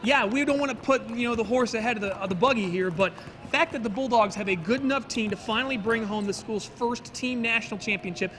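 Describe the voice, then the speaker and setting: Bright, high-voiced male sports anchor. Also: quick pace, a little hiss or hum. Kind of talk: sports news desk chat.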